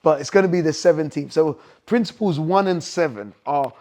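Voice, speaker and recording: Fairly high-voiced male podcast host. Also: brisk, a little mellow. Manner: attentive listener, frequent murmured agreement, reflective. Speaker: podcast host, boxing coach. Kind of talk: interview chat.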